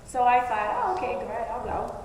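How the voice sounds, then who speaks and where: A woman's voice: on the high side, expressive, normal speed. A woman telling a personal story to a live audience in a chatty, self-mocking way. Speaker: speaker at a live event. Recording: echoey hall with faint noise.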